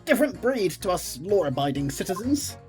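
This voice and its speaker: A woman's voice: medium pitch, sing-song, fairly quick, a little mellow, faint music behind. A woman reading a juror's lines on a stream, theatrical in her delivery. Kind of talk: reading game dialogue on stream.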